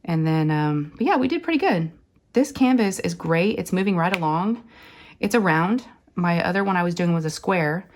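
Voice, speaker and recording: A woman hosting a crafting channel, chatting casually while she works, her voice hoarse and scratchy from being sick, rambling along with lots of fillers. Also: on the low side, expressive, normal speed. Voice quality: raspy, scratchy. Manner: rambling and chatty, full of fillers, says y'all. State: hoarse from illness. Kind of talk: casual chat while diamond painting.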